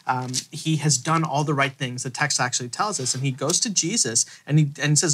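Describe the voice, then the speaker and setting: A man on a faith podcast, retelling a Bible passage in an animated storytelling way and acting out the quoted lines. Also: fairly high pitch, fairly quick, hardly any pauses, husky. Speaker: theologian co-host.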